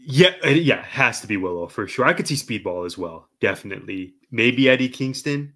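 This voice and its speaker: A man's voice: mid-range voice, lively intonation, a little fast, fairly bright tone. A man co-hosting a podcast, giving emphatic opinions in casual wrestling chat. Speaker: podcast co-host.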